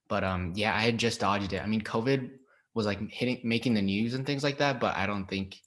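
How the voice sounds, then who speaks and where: Laid-back young actor, lowish voice. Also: male voice, fairly quick. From Los Angeles. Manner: relaxed, hesitant, many ums and likes. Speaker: actor guest. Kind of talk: casual interview.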